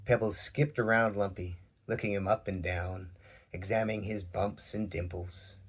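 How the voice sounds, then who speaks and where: A man reads a children's tale aloud in a gentle, measured voice. His tone sits low and carries a husky grain. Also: steady tone. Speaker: narrator. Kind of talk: storybook narration.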